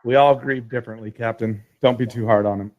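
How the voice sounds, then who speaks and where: A man voicing an easygoing male adventurer who tries to calm others down. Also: medium pitch, quick pace, narrow, tinny audio, lightly acted.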